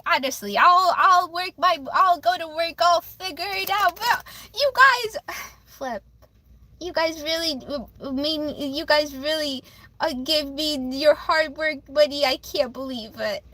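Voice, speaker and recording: A woman's voice: high-pitched, bright, forceful tone, slight background noise, rough recording. A young woman live-streaming a tarot reading, speaking emotionally, stammering and repeating herself. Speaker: livestreamer giving tarot readings.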